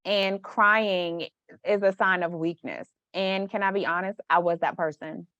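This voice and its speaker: A woman's voice: on the low side, fairly even intonation, measured pace, a bit bright, no echo, highs cut off. A woman who works as a mindset coach, talking frankly and emphatically as a podcast guest. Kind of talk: casual podcast conversation.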